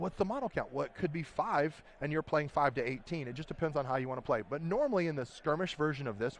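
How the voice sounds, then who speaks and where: A man's voice: mid-range voice, slight background noise. A man, a game designer, explaining his tabletop game at a convention floor interview, talking eagerly and rambling with restarts. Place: busy convention hall.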